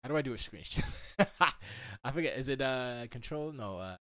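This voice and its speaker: A man's voice: mid-range voice, expressive, normal speed, bright, forceful tone, no room sound. A young man chatting casually on a livestream from his home studio, rambling and muttering to himself as he works on his computer. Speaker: livestream host.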